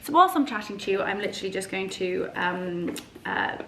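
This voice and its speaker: A woman's voice: medium pitch, animated, moderate pace, sharp tone, reverberant, a little hiss or hum. Bubbly woman chatting at home. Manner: bubbly and gushing, sing-song baby talk to her dogs. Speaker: lifestyle vlogger. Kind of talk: casual chatty vlog to camera. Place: at home, kitchen.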